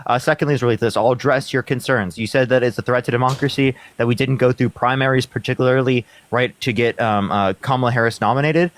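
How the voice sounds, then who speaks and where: Young man hosting a heated political livestream. He rattles off his points quickly and turns profane and combative when pushed. The sound is dry and close, with no room around it. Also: mid-range voice, fairly even intonation, no echo. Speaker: livestream host.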